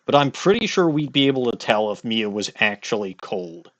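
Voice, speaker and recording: A let's-play host with a Midwestern American accent and a fairly low-pitched, very animated voice delivers casual commentary over a courtroom game at normal speed. He rambles, jokes, and keeps interrupting himself. The recording is lo-fi with no echo.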